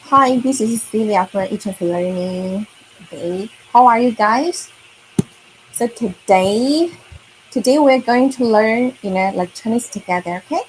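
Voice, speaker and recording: Slow, patient woman teaching kids. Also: a little high, lively intonation, slight background noise. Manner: slow, patient, repeats words for learners to echo. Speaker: Chinese teacher. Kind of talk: online kids' language lesson.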